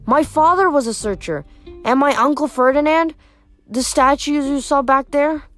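Young male satyr, earnest, wistful, voiced lightly by a female reader; higher register. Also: normal speed, fairly bright tone, soft background music. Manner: earnest, indignant about pollution.

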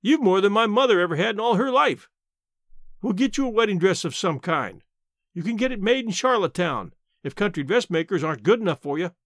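A man doing a blunt, sharp-tongued old aunt. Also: high voice, expressive, fairly quick, dry recording, clean studio sound. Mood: blunt, sardonic. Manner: sharp, matter-of-fact, grumbling. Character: blunt, plainspoken elderly aunt, woman.

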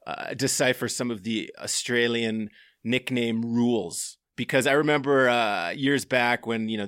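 A man's voice: lowish voice, a bit bright, no echo, clean studio sound. A man hosting a podcast from his home office, talking in a loose, rambling way. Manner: loose and rambling, with many fillers. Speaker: podcast host. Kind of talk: casual podcast chat.

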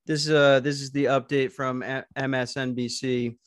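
A man from Arizona hosting a podcast over an online call, cracking deadpan, crude jokes in casual banter. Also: mid-range voice, normal speed. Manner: joking, deadpan crude humor. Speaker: podcast host.

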